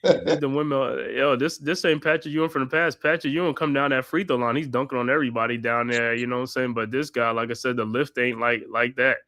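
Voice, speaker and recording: A man's voice: medium pitch, steady tone, quick pace, hardly any pauses, bright, forceful tone, dry recording, clean studio sound. A man hosting a live watch-party podcast, doing casual play-by-play with slangy chat and laughs. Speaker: podcast host calling the game.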